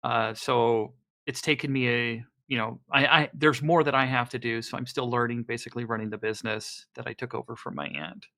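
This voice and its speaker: A player in a tabletop game narrates his character's thoughts and actions in a bright, forward voice of average pitch. He speaks haltingly, full of fillers and restarts, with fairly even intonation and some vocal fry.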